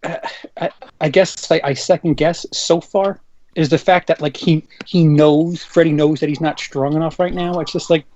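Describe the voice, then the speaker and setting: A young man talking haltingly, repeating words as he thinks, in a casual movie commentary. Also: fairly high pitch, steady tone, mellow, muffled recording, a little hiss or hum. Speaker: commentary co-host.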